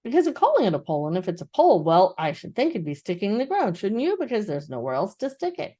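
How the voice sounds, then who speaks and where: A woman's voice: medium pitch, huge pitch swings, quick pace, dark tone. An older woman voicing a fussy rabbit who rambles while thinking aloud. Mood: musing. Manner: musing, rambling.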